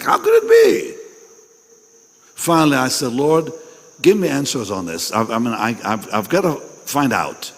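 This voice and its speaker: A man preaching a sermon at a pastors' meeting. He is emphatic, repeats his phrases and questions the audience directly. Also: medium pitch. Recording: long reverb in a large hall.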